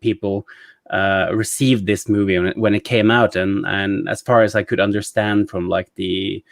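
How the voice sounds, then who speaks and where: A man in his thirties with a Norwegian accent, chatting about a movie in a halting way, full of fillers and restarts. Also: on the low side, fairly even intonation, vocal fry, dry recording, studio quality. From Norway. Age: 30s. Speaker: podcast co-host. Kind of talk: casual movie discussion.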